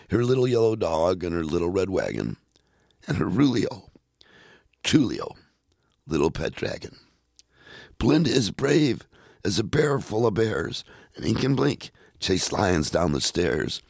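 A man hosting a radio show, reading children's poems aloud in a playful, expressive way. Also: low-pitched, measured pace, gravelly, no room sound, clean studio sound.

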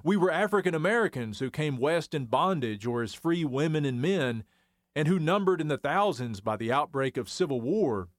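A man from the Arkansas Ozarks, reading a scripted radio essay as a historian in a measured, wry storytelling manner. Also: on the high side, animated, no echo, studio quality.

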